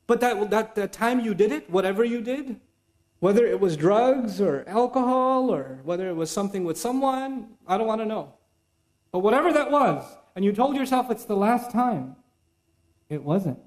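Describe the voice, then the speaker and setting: A man's voice: very high voice, animated, moderate pace. A man giving a sermon in a casual, conversational way, acting out people's inner excuses and reciting Arabic verses. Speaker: preacher.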